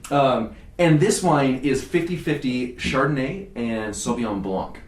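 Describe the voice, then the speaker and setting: A man hosting a casual wine tasting, chatting in a lively way with frequent laughs and restarts. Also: medium pitch, a little slow. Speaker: wine importer and show host. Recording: echoey room, from far off.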